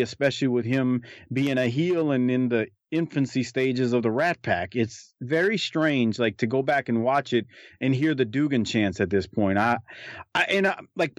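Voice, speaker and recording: A man's voice: mid-range voice, no room sound. A man co-hosting a casual commentary chat, rambling with many restarts and fillers. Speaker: podcast co-host. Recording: dull lo-fi recording.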